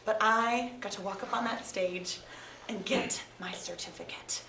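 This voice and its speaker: A woman who teaches theatre tells a lively, laughing story to a live audience. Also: mid-range voice, unhurried, far from the mic. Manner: animated, laughing often. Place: performance room with an audience. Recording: echoey room, mic from afar, crowd noise.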